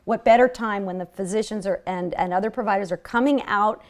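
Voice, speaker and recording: A woman's voice: medium pitch, a little fast. Woman lecturing at a health seminar, earnest, lots of restarts and uhs. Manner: earnest storytelling with many restarts. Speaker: public health seminar speaker.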